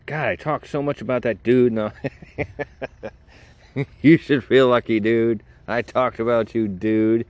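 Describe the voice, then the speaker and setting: A man's voice: mid-range voice, steady tone, a little slow, pauses often, no room sound. A man hosting his own podcast in a casual solo monologue, rambling and joking at his own expense. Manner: rambling, self-deprecating, jokey. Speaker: podcast host.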